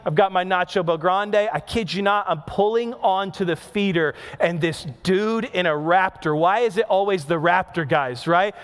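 A man in his thirties, a pastor preaching a sermon, telling a personal story with animated, self-mocking asides. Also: high-pitched, moderate pace, few pauses, clear, resonant tone.

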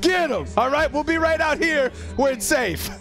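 Man voicing a squeaky game warrior, all hype from the safe side, lively. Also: normal speed, creaky, over music, heavily acted. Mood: hyped. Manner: hyped, cheering. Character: high-pitched excited male warrior cheering from safety.

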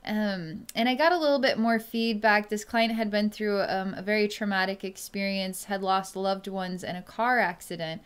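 Soft-spoken woman giving a slow psychic reading. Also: medium pitch, fairly even intonation, clear, resonant tone. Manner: slow, hesitant speech with many pauses and fillers; soft and quiet when tuned in. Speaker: psychic energy healer. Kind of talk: solo reading monologue to camera.

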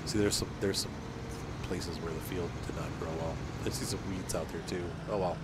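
A man's voice: sits low, fairly even intonation, moderate pace, noisy background. A man casually commenting on his farming game as he plays, rambling and chatty, with lots of fillers. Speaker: gaming channel host.

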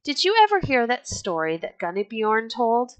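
A woman's voice: fairly high pitch, very animated, normal speed, dry recording, voice pushed up, rough recording. A woman reading the lines of a bold, hot-tempered but jovial red-bearded Viking chieftain in a hearty, boastful storybook manner. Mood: rousing.

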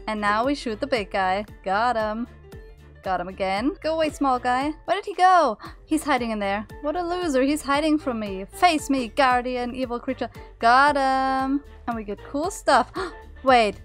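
A woman's voice: fairly high pitch, normal speed, faint music behind. A woman narrating her game playthrough in a playful way, easily startled and chatting to the creatures on screen. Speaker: gaming video creator.

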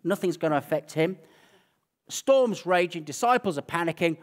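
Lively English preacher telling a story. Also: male voice, high-pitched, normal speed. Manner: animated storytelling, acting out scenes. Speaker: pastor. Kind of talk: sermon.

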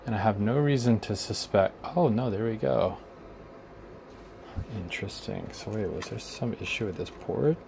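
A man's voice: on the low side, gravelly, darkish tone, a little hiss or hum. A man narrating a guitar pedal repair at his workbench, casually thinking aloud as he tests and troubleshoots. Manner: thinking aloud, unhurried, trailing off while working. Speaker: repair video host.

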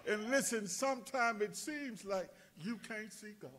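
A male pastor preaching a sermon with fervent delivery that rises to shouts. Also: sits high, a little slow.

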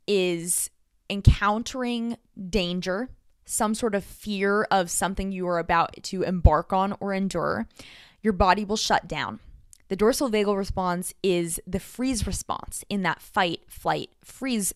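A woman hosting her own podcast, telling a personal story in an earnest, expressive way, her loudness shifting often. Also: medium pitch, no room sound, clean studio sound. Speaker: podcast host.

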